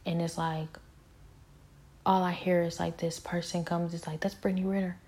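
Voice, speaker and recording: A woman's voice: lowish voice, flat delivery, unhurried, darkish tone. A woman talking in a casual spoken monologue, intense and rambling, with pointed, confrontational questions and many fillers.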